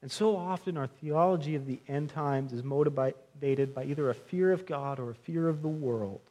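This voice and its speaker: A man's voice: fairly high pitch, normal speed, mellow. Earnest young male pastor preaching. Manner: earnest, conversational preaching with frequent restarts and direct address to friends. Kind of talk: sermon.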